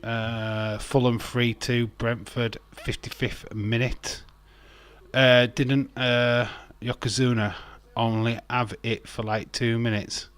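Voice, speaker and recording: A man's voice: medium pitch, little pitch movement, slow, a bit bright, smooth. A man casually commentating a wrestling watch-along, rambling, joking and reading out chat messages. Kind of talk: casual live-stream commentary.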